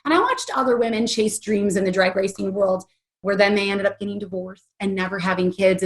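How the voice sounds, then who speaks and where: Earnest woman in her forties. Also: medium pitch. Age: 40s. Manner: earnest, emotional, chatty with many fillers. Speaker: interview guest. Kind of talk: candid personal storytelling.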